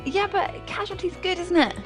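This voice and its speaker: A woman reading the traffic report on a radio show in a brisk, steady manner, then chatting with the host. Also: very high voice, over music. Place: radio studio.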